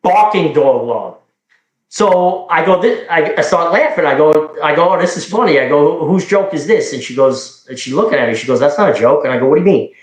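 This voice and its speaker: A middle-aged man from New York casually telling police stories in a rambling, animated way, quoting dialogue. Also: fairly high pitch, a little fast, few pauses, reverberant, poor audio. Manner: rambling, animated, with frequent restarts and quoted dialogue. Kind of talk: casual storytelling.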